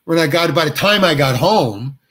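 An older male actor, a guest, telling a long anecdote and acting out the other people's dialogue with lively shifts of voice. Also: fairly high pitch, normal speed. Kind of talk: storytelling anecdote.

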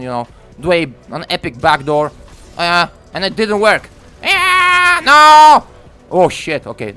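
Young man, gaming commentary, foul-mouthed and excitable, high bright voice, faint music behind. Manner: profane, excitable, ranting. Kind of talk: live gameplay commentary. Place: room at home.

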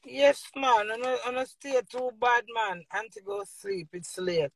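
A woman's voice: fairly high pitch, expressive, a little slow, gravelly, no room sound. A middle-aged woman from Jamaica with a Jamaican accent, ranting boisterously to her viewers in patois and laughing often. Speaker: vlogger. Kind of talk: casual rambling rant to viewers.

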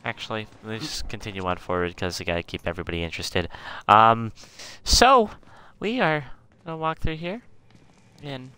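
A man's voice: lowish voice, lively intonation, normal speed, music in the background. A young man giving live commentary on a game he is playing, chatting to his viewers in a rambling way. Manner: rambling, talks to his viewers, shrieks after a jump scare. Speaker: game streamer.

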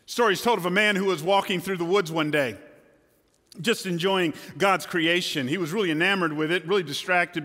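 Male pastor, sermon from the stage, bright ringing tone, long church reverb. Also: sits high. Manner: emphatic, colloquial, swings from loud to hushed. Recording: long hall reverb, faint music.

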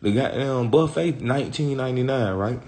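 A man's voice: medium pitch, moderate pace, darkish tone. A man talking as an interview guest in casual street talk, rambling and slang-heavy, swearing often and asking "you feel me" again and again.

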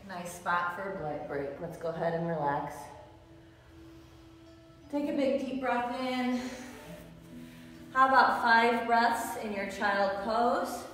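A woman's voice: on the high side, slow, pauses often, fairly bright tone. A woman leading a yoga class, calling out short rhythmic pose cues in an encouraging way. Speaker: yoga instructor. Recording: distant echoey hall with faint music.

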